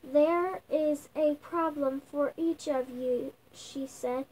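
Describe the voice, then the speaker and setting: Little girl reading a storybook out loud, slow, stumbles and restarts. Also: sits high, fairly even intonation, rough recording. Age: child. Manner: slow halting reading, sounding out words with restarts. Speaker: young reader. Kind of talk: reading a picture book aloud. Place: at home.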